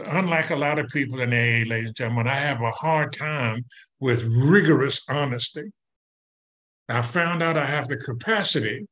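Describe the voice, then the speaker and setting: A man's voice: fairly high pitch, a bit bright. An older man giving a folksy, conversational personal testimony at a recovery meeting, speaking straight to the audience.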